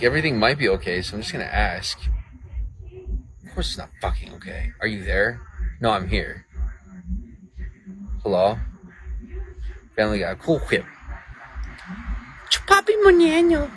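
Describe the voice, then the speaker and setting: A man with a lowish, fairly bright voice rants profanely and sarcastically to his chat during a late-night outdoor livestream in the rain. The low-quality recording carries a little hiss or hum.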